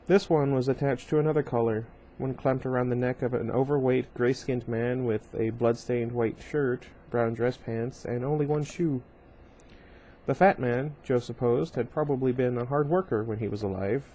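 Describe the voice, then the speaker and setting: A man's voice: medium pitch, steady tone, normal speed, dark tone. A man casually reading a novel aloud at home, breaking off often for rambling side comments full of fillers. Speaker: reader of a book series.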